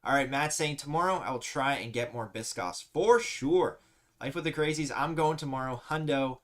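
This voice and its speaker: A man's voice: medium pitch, moderate pace. A man hosting a casual live stream, chatting easily and reading viewer comments aloud with frequent laughs. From Canada.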